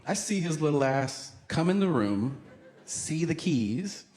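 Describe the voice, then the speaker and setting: A man in his thirties doing a stand-up comedy routine on a club stage, telling stories with lively acted-out voices and sudden yells. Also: on the high side, unhurried, very noisy. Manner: animated storytelling, acts out voices, bursts into yelling. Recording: live club with loud crowd laughter.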